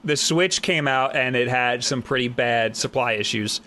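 A man from Long Island hosting a live gaming podcast, telling quick, chatty stories in casual talk. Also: mid-range voice, sharp tone. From Long Island, New York. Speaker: podcast host. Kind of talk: casual chat.

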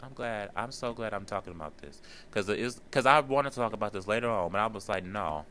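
Man, solo podcast talk, bright lowish voice, earnest and encouraging, faint room hum. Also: quick pace. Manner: earnest, encouraging, repeats himself for emphasis. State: tearful at times. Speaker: podcast host.

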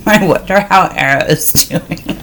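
A woman's voice: on the low side, takes it slowly, fairly bright tone, slight background noise. A woman co-hosting a podcast, telling a story in a casual chat, blunt and profane and joking.

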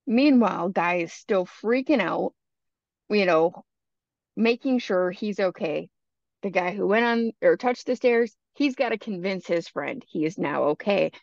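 A woman hosts a podcast and recounts a creepy tale in a chatty, casual way, dropping in "you know" asides. Her voice has a gravelly edge. The recording is dull and lo-fi, and the sound is dry. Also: medium pitch, no echo. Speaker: podcast host. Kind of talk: casual storytelling.

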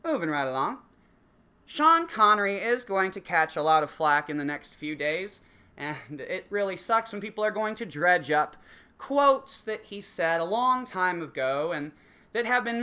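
A man rants in a crude comic monologue, cursing freely and dripping with sarcasm. His bright tone carries a lively, swinging pitch. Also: moderate pace, smooth. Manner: crude, sarcastic, swears constantly. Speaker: comedic ranter. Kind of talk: profane comedic monologue.

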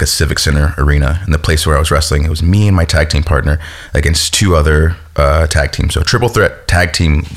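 A young man with an extremely low, deep voice tells stories at an easy pace. He rambles a little and keeps dropping "like" as he talks, in a laid-back way. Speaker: professional wrestler, guest. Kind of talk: casual storytelling chat.

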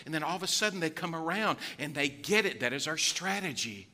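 Male pastor, sermon delivery, animated and emphatic, slightly high and bright. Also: a little fast. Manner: animated, emphatic, acts out voices of others.

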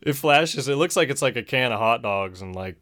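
A man's voice: medium pitch, expressive, fairly quick, fairly bright tone. Laid-back profane man recapping a movie. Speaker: podcast host.

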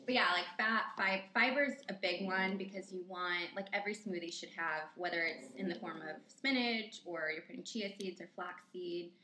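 A woman's voice: lowish voice, moderate pace, hardly any pauses, bright, forceful tone. A young woman guest giving earnest, informative nutrition tips in a casual chat. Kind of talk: casual explaining. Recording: echoey room with faint noise.

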